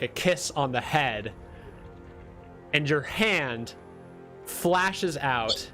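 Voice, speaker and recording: A man narrating a tabletop game as dungeon master, halting with fillers. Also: a little high, bright, forceful tone.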